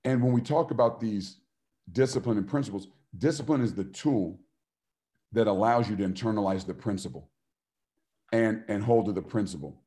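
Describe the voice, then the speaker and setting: A man's voice: fairly low pitch, moderate pace, mellow. A middle-aged man, a former football player and coach, giving a motivational talk and telling stories, acting out the voices he quotes and laughing often.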